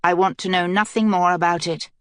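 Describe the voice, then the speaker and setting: A woman's voice: on the low side, fairly even intonation, brisk, no room sound, studio quality, close to an everyday voice. A woman voicing a determined young queen in an audiobook, speaking earnestly and with command.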